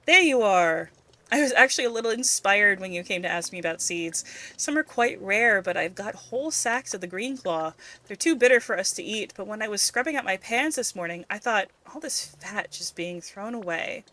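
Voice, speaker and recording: A woman reading aloud as a kindly, motherly village cook in a video game, soft-spoken and soothing. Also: mid-range voice, animated, normal speed. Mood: cheerful.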